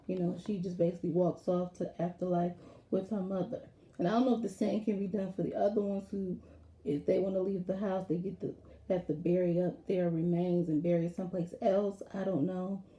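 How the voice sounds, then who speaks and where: A woman casually recapping a TV episode in a rambling, animated way, acting out lines from it as she goes. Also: fairly low pitch, fairly quick, muffled recording. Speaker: TV episode reviewer. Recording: roomy echo.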